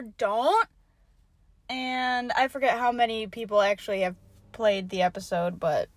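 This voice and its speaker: A young woman hosts her own solo podcast, rambling and swearing freely. Her delivery swings between low mutters and loud yelling, and there's no echo.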